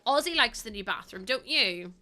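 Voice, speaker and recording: Bright-voiced chatty woman streaming. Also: a little high, lively intonation, normal speed. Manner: chatty and giggly, rambling with many ums; coos in baby talk to her dog. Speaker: game streamer. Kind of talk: casual gameplay chat.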